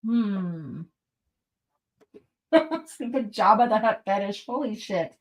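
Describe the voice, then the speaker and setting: Speaking slowly in a medium-pitched voice, a young woman streams casually from her home. She reads chat out loud, laughing frequently, cursing freely and wandering from topic to topic.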